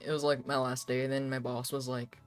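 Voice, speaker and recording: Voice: medium pitch, brisk, clean tone, no room sound. Young adult streamer, casual chatty ramble, lots of fillers, swears, dry close mic, faint background music. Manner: rambling and animated, heavy filler words, frequent laughs, swearing. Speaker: live streamer. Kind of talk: casual chat while drawing on stream, answering viewers.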